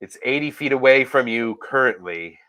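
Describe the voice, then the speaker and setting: A man running a tabletop game as game master, giving steady descriptive narration. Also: mid-range voice, normal speed, clean tone, poor audio.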